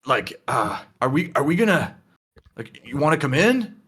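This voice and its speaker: A man voicing a drunk, pushy young male student with halting speech. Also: on the high side, sing-song, a bit bright, slightly rough, voice pushed up, heavily acted. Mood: eager.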